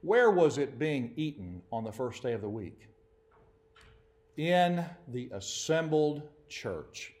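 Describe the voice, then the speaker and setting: A man preaching a sermon to his congregation, animated and acting out quoted voices. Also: mid-range voice, takes it slowly. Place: church assembly.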